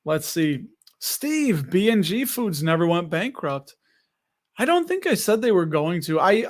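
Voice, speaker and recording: Laid-back american guy running a live stream, rambly, reads the chat out loud, voice a bit on the high side. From United States. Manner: loose and chatty, reads viewer comments aloud. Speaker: host of a live dividend investing stream.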